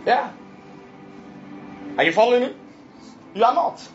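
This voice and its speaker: A preacher with an expressive, medium-pitched voice speaks unhurriedly, preaching emphatically and repeatedly asking whether the congregation follows. Soft music sits in the background of the dull lo-fi recording.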